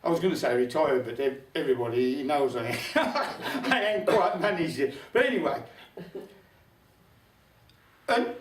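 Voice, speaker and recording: Older Black Country male storyteller, wry and chatty; high, animated voice in a roomy hall, distant mic. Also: a little slow, long pauses. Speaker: folk club storyteller. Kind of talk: humorous storytelling to a live audience. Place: folk club room.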